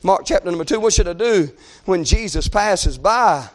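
A man preaching a sermon, impassioned, often shouting and crying out between conversational asides. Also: sits high, expressive, normal speed.

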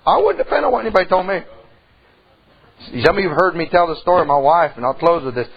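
A man's voice: high-pitched, lively intonation, quick pace, breathy edge, lo-fi sound. A middle-aged man preaching a sermon in church, telling a folksy story and rising into emphatic calls to the congregation.

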